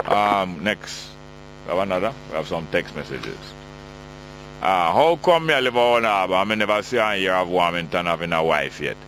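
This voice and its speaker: A man's voice: low voice, a bit bright, slight background noise, low-quality recording. A middle-aged man with a Jamaican accent hosting a call-in radio talk show, chatty and joking as he reads out listener texts.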